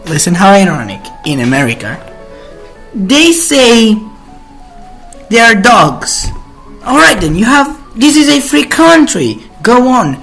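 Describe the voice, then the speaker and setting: A man's voice: high voice, gravelly, fairly bright tone. A man hosting his own channel, delivering an indignant, opinionated monologue that halts and restarts as he goes. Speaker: channel host. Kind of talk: ranting monologue.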